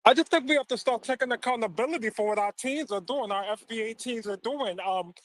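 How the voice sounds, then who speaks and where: Male troll caller, very high, rapid, whiny. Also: poor audio. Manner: whiny, provocative, repeats insults. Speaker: call-in troll. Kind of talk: argumentative call-in talk.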